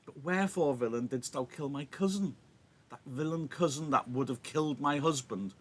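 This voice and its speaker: Male teacher playing a torn young woman, voice pushed up high and loud, big dramatic verse. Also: normal speed, slightly rough. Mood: anguished. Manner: declaiming verse loudly and dramatically. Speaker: teacher reading a play aloud.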